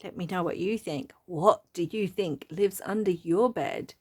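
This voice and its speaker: A woman's voice: on the low side, a little slow, darkish tone, slightly rough. A middle-aged woman hosting a casual craft-journal flip-through, chatty and rambling and prone to giggling. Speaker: craft channel host.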